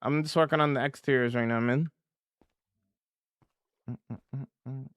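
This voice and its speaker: A man's voice: medium pitch, steady tone, normal speed, clean tone, no echo. A man livestreaming a game, chatting casually with viewers and humming while he builds. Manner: chatty, answers chat, hums while building.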